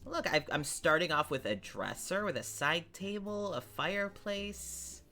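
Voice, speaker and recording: A woman's voice: lowish voice, lively intonation, measured pace, pushed and bright, faint music behind. A woman streaming a farming game, chatting casually and explaining how things work. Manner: chatty and explanatory, with small laughs. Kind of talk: casual let's-play commentary.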